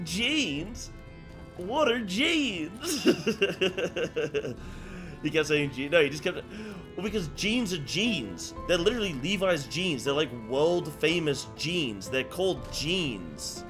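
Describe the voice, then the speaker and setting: A man's voice: a little high, lively intonation, over music. A man chatting casually while streaming a game, rambling with many fillers and restarts. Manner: rambling, halting, lots of fillers. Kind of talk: casual live-stream chat.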